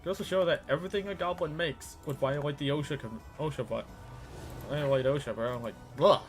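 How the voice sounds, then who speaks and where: A man's voice: a little high, fairly quick, soft background music. A man chatting casually while gaming, with a wry, conversational delivery. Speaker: co-player.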